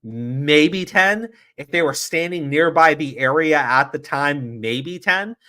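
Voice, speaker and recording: A man's voice: on the high side, expressive, slow pace, pushed and bright. A man hosting a podcast, ranting profanely about the news and mocking opponents with sarcastic quotes. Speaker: podcast host. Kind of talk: heated political commentary.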